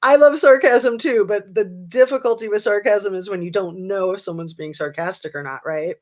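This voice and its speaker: Female livestream host, slightly low pitch, casual and sarcastic, filler-heavy chat. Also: fairly quick, a little mellow. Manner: chatty, sarcastic, many ums and likes. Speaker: true crime livestream host.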